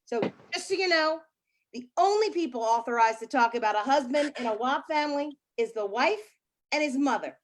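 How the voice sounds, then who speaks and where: A woman's voice: high voice, animated, fairly quick. A woman comedian doing a brash stand-up set about family life, with crude punchlines.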